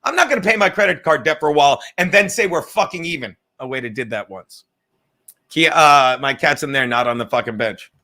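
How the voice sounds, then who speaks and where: A man with a high, bright voice rants and swears as he hosts a rambling live stream, calling out chatters by name. He sounds loose and a little drunk, going from sarcastic jabs to preachy lectures without a break. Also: animated, a little fast. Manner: profane, ranting, sarcastic, addresses chatters by name. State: says he is drunk. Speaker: podcast host reading live chat.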